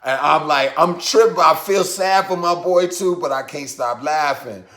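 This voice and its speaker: A male comedian telling a road story in an animated way, his voice swinging loud and high as he laughs, in a room with echo. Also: moderate pace. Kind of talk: comic storytelling.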